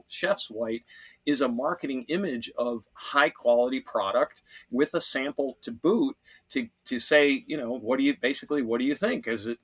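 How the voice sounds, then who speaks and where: Husky-voiced guest, emphatic and repetitive. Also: male voice, mid-range voice. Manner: emphatic, repeats phrases to stress points. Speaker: podcast guest, handyman business owner. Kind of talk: casual podcast conversation.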